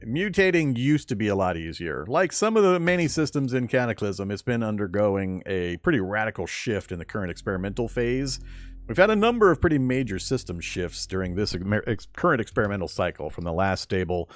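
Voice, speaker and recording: A man's voice: fairly low pitch, big pitch swings, a little fast, dry recording. A man giving casual, rambling commentary on his survival game run, often chuckling and correcting himself mid-sentence. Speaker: game streamer.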